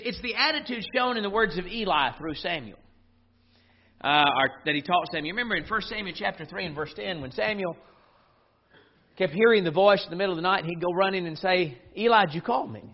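A man's voice: high voice, fairly quick, lo-fi sound. A man preaching a sermon to his congregation, earnest and rising to emphatic declarations.

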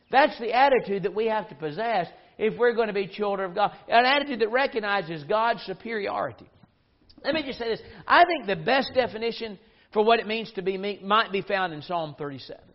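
A man's voice: sits high, expressive, brisk, dull audio. A man preaching a sermon to his congregation, earnest and rising to emphatic declarations.

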